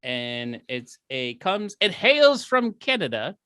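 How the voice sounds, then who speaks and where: A man's voice: on the high side, sing-song, slow pace, pushed and bright, clean tone, no room sound. A man hosting a podcast in casual chat, easygoing and steering the talk back on task. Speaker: podcast host.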